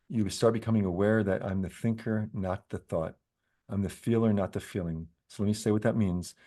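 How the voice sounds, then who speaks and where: A middle-aged man hosts a coaching podcast in a calm, unhurried manner. His voice sits at an ordinary middle pitch, and he slows down to guide listeners through breathing pauses. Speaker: podcast host and business coach. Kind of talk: reflective podcast conversation.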